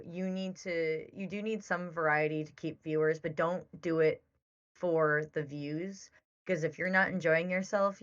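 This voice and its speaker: A woman's voice: sits low, a bit bright, highs cut off. A woman co-hosting a podcast, chatting casually and giving advice with lots of "like"s. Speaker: podcast co-host.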